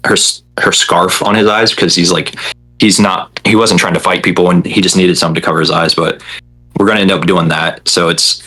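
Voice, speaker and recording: A man's voice: deep voice, fairly even intonation, brisk, pushed and bright, slightly rough, rough recording. A young man, a podcast guest, chatting casually with a rambling, hesitant manner full of fillers. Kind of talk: casual chat.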